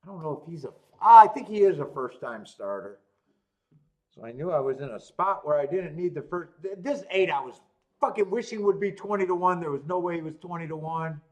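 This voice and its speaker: A horse racing show host runs a live stream, chatting casually about his bets while watching the races, swearing, restarting sentences and talking to himself. His voice is a little high, expressive and brisk, with a darkish tone.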